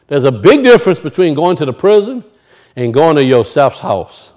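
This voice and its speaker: High-voiced preacher, animated and questioning. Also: male voice, normal speed. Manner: animated, asks the audience questions. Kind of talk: sermon.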